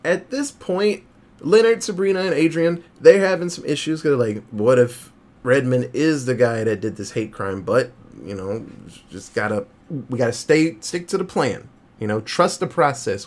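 A young man talks through a film's plot in a loose, casual podcast chat. He slips into little quoted voices for the characters and drops swear words as he goes. His voice sits at an ordinary middle pitch. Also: darkish tone. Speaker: podcast co-host. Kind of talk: casual movie review chat.

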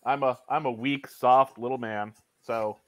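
A man's voice: medium pitch, steady tone, a little slow. A middle-aged man in casual chat, showing his collection with dry self-deprecating humor.

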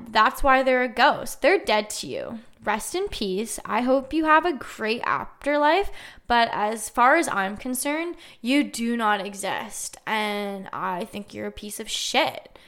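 A young woman hosts a casual podcast and tells a personal story as a loose, chatty monologue. Her voice sits a little high, and she fills her talk with "like" and dry, joking asides. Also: a bit bright. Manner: chatty, lots of "like", wry jokes. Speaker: podcast host.

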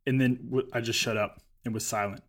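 A man's voice: mid-range voice, fairly quick. Man chatting, telling a work story. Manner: storytelling, animated when acting out quotes. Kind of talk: casual chat.

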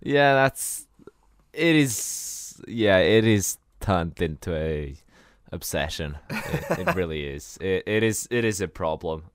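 A man's voice: low-pitched, lively intonation, slow pace, clean tone, dry recording, clean studio sound. A man co-hosting a podcast in casual, joking chat, laughing often and swearing freely. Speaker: podcast co-host.

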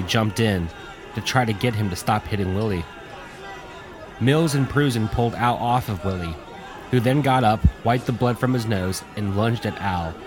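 A man reading a war story aloud in steady audiobook narration. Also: fairly low pitch.

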